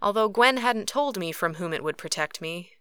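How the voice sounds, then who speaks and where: A woman narrating a first-person novel as an audiobook, with expressive, lively reading. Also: mid-range voice, normal speed, clean tone, no room sound.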